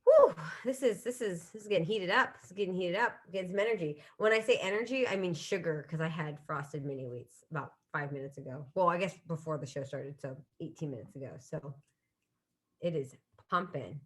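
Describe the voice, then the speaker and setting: A woman in her thirties with a fairly low-pitched voice speaks briskly. She's the host of a solo comedy livestream, broadcasting from a home room with a bookshelf, chatting casually and laughing at herself.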